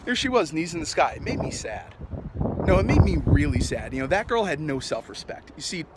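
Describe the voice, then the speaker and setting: A man's voice: fairly high pitch, very animated, fairly quick. An actor playing an angry young male punk in a dramatic monologue, ranting in a profane, sardonic way. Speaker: actor performing a film monologue. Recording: outdoor traffic noise behind.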